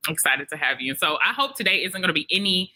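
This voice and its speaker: A woman from Detroit hosts a live podcast at an expo, talking in a bright, ringing voice. She is chatty and animated, laughing often and slipping into bits of song. Her talk is loose and friendly. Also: on the low side, quick pace, poor audio. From Detroit, Michigan. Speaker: podcast host. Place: expo venue.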